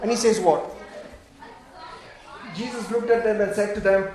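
A woman preaching a sermon, animated and full of rhetorical questions, laughing between phrases. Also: mid-range voice, fairly quick, pauses often. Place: church hall. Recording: echoey room.

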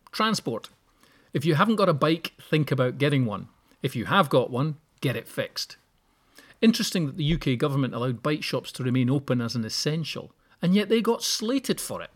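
A man hosting a solo podcast, giving practical tips with wry, joking asides. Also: mid-range voice. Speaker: podcast host. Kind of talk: solo podcast advice talk.

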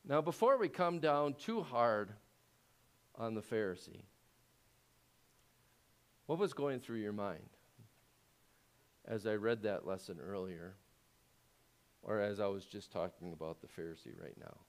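A man preaching a sermon as pastor, talking conversationally and asking the congregation rhetorical questions, growing louder when he presses a point. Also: expressive, unhurried, pauses often. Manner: grows louder and higher when making a point.

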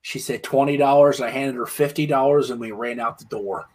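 A man's voice: medium pitch, fairly quick, a crowd in the background. A man from Pennsylvania, a musician telling road stories in a casual, rambling way with many restarts. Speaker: musician guest. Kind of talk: casual storytelling.

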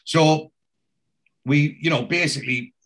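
A man's voice: fairly high pitch, fairly even intonation, unhurried, a bit bright. Guy hosting a podcast, rambling thru an episode recap, ums everywhere. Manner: rambling storytelling with many fillers. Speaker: podcast host.

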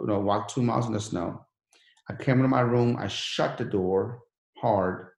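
A gravelly, lowish male voice echoes around the room as the guest, once a refugee to this country, shares his life story in an interview. He speaks earnestly, aiming to motivate.

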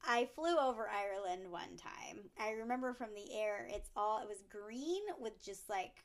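A woman's voice: mid-range voice, normal speed, vocal fry. A woman co-hosting a podcast, chatting casually, laughing often and adding her own stories. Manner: laughs often, chimes in with comments. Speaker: podcast co-host. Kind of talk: casual chat.

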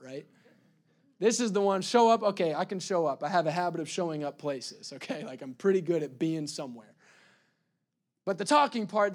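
Preaching a sermon, this male pastor has a high, bright voice and an energetic manner. His words stumble and restart, punctuated by abrupt loud outbursts.

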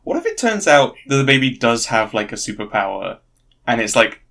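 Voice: mid-range voice, sing-song, a little fast, creaky, a bit bright. A podcast co-host chatting casually, rambling and ranting with a lot of swearing. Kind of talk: casual chat.

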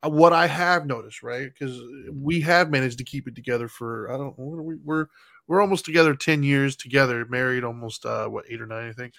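A man's voice: mid-range voice, a little fast, vocal fry, fairly bright tone, no echo, studio quality. A man in his thirties co-hosting a casual chat, explaining his thoughts in long run-on sentences. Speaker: podcast co-host.

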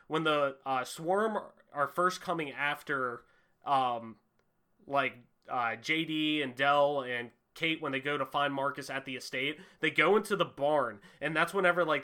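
A young man hosts a casual gaming podcast, talking loosely and animatedly, swearing freely and using lots of fillers. His voice sits on the high side and sounds pushed and bright.

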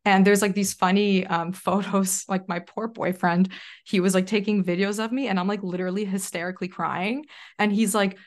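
At a moderate pace and in a mid-range voice, a self-leadership coach guesting on a podcast shares a personal story. She's a young adult woman whose chatty, animated retelling is full of "like".

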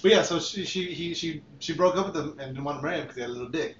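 A man's voice: on the high side, very fast, slight background noise. A man co-hosting a podcast in casual chat, rambling and swearing, with lots of "like" fillers. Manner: profane, rambling, heavy use of "like". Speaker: podcast co-host. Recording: echoey, dull room sound from a distance.

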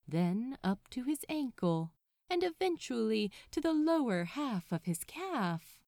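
A woman reading a story aloud in a slow, soft and expressive storytelling manner. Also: medium pitch, no room sound, studio quality. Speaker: reader. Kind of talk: fan fiction reading.

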